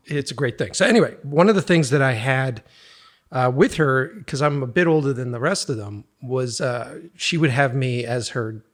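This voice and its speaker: A man, a podcast guest, telling a family anecdote in a casual, animated way and often laughing as he talks. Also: mid-range voice, moderate pace. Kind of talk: casual storytelling.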